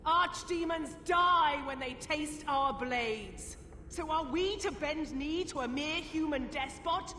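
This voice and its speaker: Defiant warrior commander, high and echoing. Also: female voice, takes it slowly, pushed and bright, a little hiss or hum, heavily acted. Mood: rousing. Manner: rousing, declamatory speech. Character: defiant woman commander rallying besieged warriors. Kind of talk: video game cutscene voice acting.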